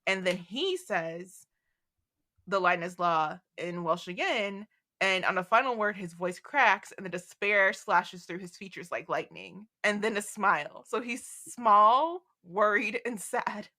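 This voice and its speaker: A woman co-hosting a casual podcast about a fantasy novel, animated and laughing as she reads quotes with dramatic flair. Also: mid-range voice, unhurried. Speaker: podcast co-host. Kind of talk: casual book discussion.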